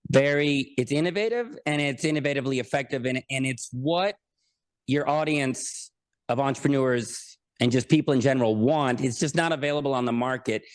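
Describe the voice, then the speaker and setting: A man talking as a podcast guest in casual interview chat, joking, self-deprecating and rambling. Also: medium pitch.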